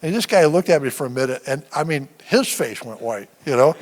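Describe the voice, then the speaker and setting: A man in his seventies, a veteran and guest speaker, giving a personal testimony sermon in halting storytelling with many restarts. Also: on the high side, lively intonation. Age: 70s. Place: church sanctuary. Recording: long church-hall reverb.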